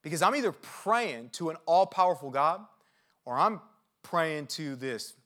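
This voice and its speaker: A man preaching a sermon in a conversational, energetic way, often checking in with his listeners. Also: a little high. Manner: conversational, checks in with "okay?" and "right?"; energetic and animated, with quick asides. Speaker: pastor.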